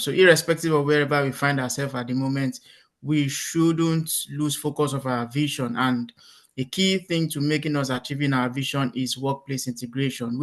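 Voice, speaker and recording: A man moderating an online workshop, summarizing the talk in a measured way with frequent pauses before calling on a participant. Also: medium pitch, a bit bright.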